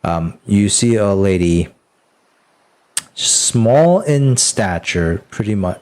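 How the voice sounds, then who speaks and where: A man's voice: on the low side, lively intonation, slow pace, a little mellow. A man narrating as game master in a tabletop game, rambling loosely with many fillers and restarts.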